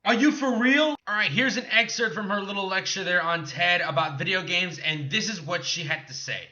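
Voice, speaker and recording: Young man, angry profane rant, sharp strained voice, dull lo-fi recording. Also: high-pitched, a little fast. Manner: profane, mocking, shouts in bursts. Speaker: gaming commentary vlogger. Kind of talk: angry ranting commentary.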